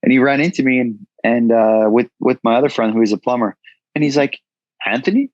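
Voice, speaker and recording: A man's voice: mid-range voice, fairly even intonation, quick pace, darkish tone, no room sound, highs cut off. A man in his thirties, a guest in an interview, telling his story frankly and casually, swearing freely. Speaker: guest, entrepreneur.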